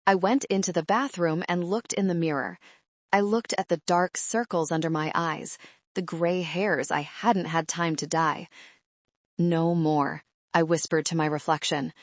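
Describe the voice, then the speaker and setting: A woman reading a first-person story in a measured, calm narration. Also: on the low side, no echo.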